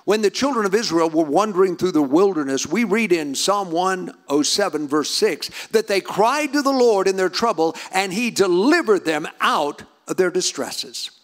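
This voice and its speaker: Fervent high-voiced male preacher. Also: animated, normal speed, few pauses. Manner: rising to fervent, near-shouted emphasis. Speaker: pastor. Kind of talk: sermon.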